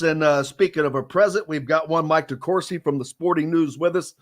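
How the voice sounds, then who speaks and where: A man's voice: fairly high pitch, a little fast, hardly any pauses. A man from Indiana hosting a sports radio show, chatting casually and laughing between restarted sentences.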